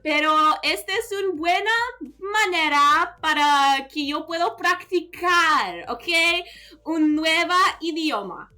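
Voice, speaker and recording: A woman's voice: high voice, expressive, measured pace, bright, forceful tone, soft background music. A woman live streamer in casual chat, talking in a playful, mock-indignant teasing manner.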